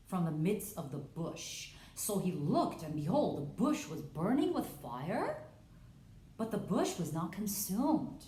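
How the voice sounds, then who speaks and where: Woman Bible teacher, lowish voice, earnest and conversational, echoey room. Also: a little mellow. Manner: earnest, conversational, stumbles and restarts, acts out dialogue. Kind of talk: casual Bible study talk.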